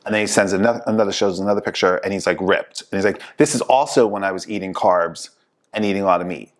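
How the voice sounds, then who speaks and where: A man hosting a casual talk show, telling lively stories and acting out the people he quotes. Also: low-pitched, fast. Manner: animated storyteller, acts out quoted people. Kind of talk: casual chat.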